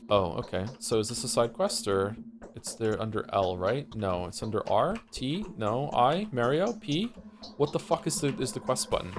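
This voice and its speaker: A man's voice: medium pitch, animated, normal speed. A man streaming a video game, talking casually in a rambling, hesitant way with many fillers and restarts, swearing now and then as he reacts to play. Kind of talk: casual let's-play commentary.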